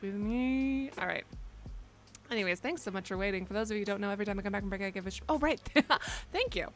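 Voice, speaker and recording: Gravelly-voiced young woman streamer. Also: medium pitch, fast talker, soft background music. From United States. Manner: rambling, joking, swears a lot. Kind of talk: casual live-stream chat. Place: her bedroom.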